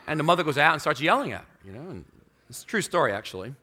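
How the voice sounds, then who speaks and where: A man preaching a sermon to his church, animated in delivery and acting out the people in his stories. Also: medium pitch, rapid-fire. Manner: animated, acts out quoted people in the story. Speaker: pastor.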